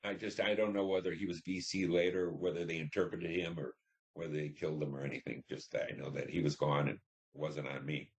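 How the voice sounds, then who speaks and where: A man's voice: very deep voice, fairly even intonation, fairly quick. An older man telling a personal war story in an interview, rambling with many "you know"s and acting out what people said. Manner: rambling, frequent "you know", acts out dialogue. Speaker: interviewee, veteran.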